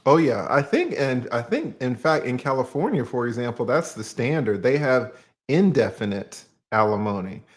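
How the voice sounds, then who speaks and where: A man from Georgia with a Southern accent, medium pitch and a sing-song delivery speaks at normal speed with hardly any pauses. He's an attorney guest on a casual livestream chat, laid-back and prone to rhetorical questions.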